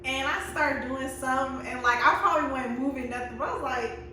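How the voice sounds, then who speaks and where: Young woman in her twenties, casual storyteller, high-ish bright voice, roomy echo, off-mic. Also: fairly quick, slight background noise. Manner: animated, laughing often, acts out friends' lines. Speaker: vlogger. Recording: very echoey room, mic at a distance.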